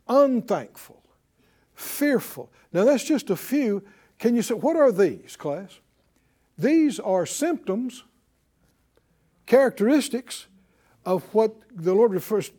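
Animated high-voiced male preacher. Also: slow pace. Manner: animated preaching with call-and-response; emphatic rhetorical questions. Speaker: pastor. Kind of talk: sermon.

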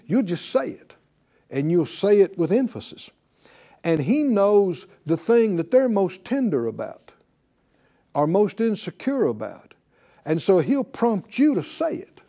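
A man's voice: high voice, mellow. A man preaching a sermon to a class in a conversational way, calling on them to repeat after him. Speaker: pastor teaching a class.

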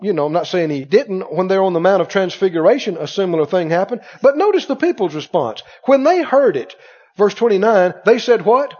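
A man's voice: high voice, animated, brisk, a little mellow. A man preaching a sermon, acting out scripture voices and firing rhetorical questions at the congregation. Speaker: pastor. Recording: dull sound with long hall reverb.

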